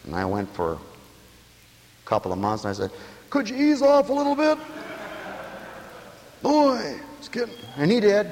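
A man preaching with a high voice that leaps all over the place, crying out some lines and chuckling through others. His sermon rings with a long reverb, as in a big church hall. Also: moderate pace, pauses often, a little hiss or hum. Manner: animated preaching, shouting and laughing at his own jokes. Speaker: pastor. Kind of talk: radio sermon.

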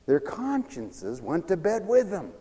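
Animated high-voiced male preacher. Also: measured pace, husky, long reverb tail, poor audio. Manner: dramatic, acts out other people's voices; rises to shouting for emphasis. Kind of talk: sermon.

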